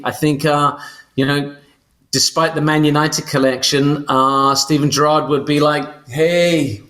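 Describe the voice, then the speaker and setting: A man's voice: on the high side, a bit bright. An English man co-hosting a soccer podcast, talking casually with many fillers and restarts. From England. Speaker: co-host.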